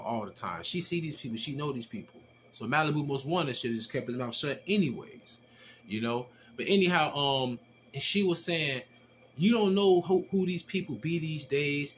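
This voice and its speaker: Guy with a slightly high voice telling his testimony, slangy, swears a lot, acts out what folks said. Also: a little hiss or hum. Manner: animated, slangy and profane, acting out quoted exchanges. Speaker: storyteller giving a personal testimony. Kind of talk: casual storytelling testimony.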